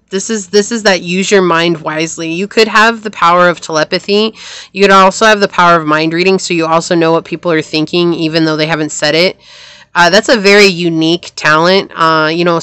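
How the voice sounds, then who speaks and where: A woman's voice: fairly low pitch, fairly bright tone, clean tone, no room sound. Rambling woman tarot reader, sore throat. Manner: rambling, searching, repeats phrases. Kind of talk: casual tarot reading to camera.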